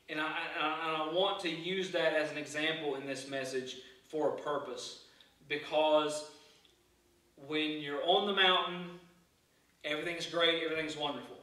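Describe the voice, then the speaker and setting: Earnest preacher in an echoey church. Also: male voice, on the high side, pushed and bright. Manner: earnest, halting preaching with repeated restarts. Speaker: pastor. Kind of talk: sermon. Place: church sanctuary. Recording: echoey church hall, mic far off.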